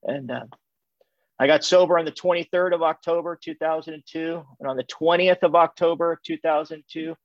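A man's voice: on the high side, fairly even intonation, no echo. A middle-aged man from California giving a candid personal testimony to a recovery group, repeating phrases and restarting his sentences. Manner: candid, repetitive, halting restarts. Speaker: speaker sharing his recovery story. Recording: dull, muffled, dry sound.

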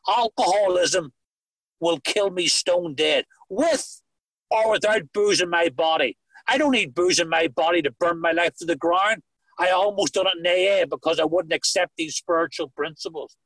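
A middle-aged man with a Northern Irish accent tells his own story to a meeting on a video call. His voice sits high for a man and has a husky edge. It sounds close and dry, and he mixes earnestness with dry jokes. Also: moderate pace, a bit bright, no room sound, poor audio. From Northern Ireland. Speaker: recovery meeting speaker. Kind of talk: personal testimony on a video call.

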